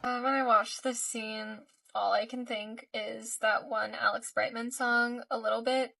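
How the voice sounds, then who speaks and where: A woman chatting through her reaction to a TV show in a gushing, emotional, chatty way. Her voice sits on the higher side and sounds a little distant from the mic. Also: flat delivery, a little slow, gravelly, pushed and bright. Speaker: reaction video creator. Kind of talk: casual reaction commentary.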